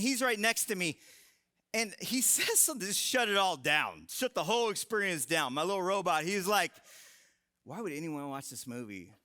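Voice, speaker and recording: A man in his thirties giving a live sermon to a young adult crowd in a large room, telling stories with animated humor. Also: high voice. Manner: animated, joking storytelling. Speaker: young adult ministry speaker.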